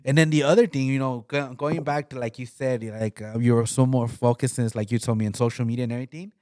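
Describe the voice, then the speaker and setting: A man co-hosting a casual podcast, talking at a middling pitch. He rambles, stumbles over repeated words and breaks into laughter as he goes. The sound is dry and close. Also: steady tone, fast, a little mellow, no room sound. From came to Utah. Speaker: podcast co-host. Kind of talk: casual chat.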